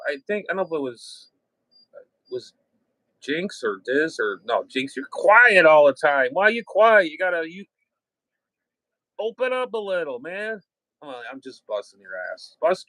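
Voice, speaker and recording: A man's voice: a little high, fairly bright tone, no echo, poor audio. A middle-aged man chatting casually over ham radio, rambling with restarts and mild cursing.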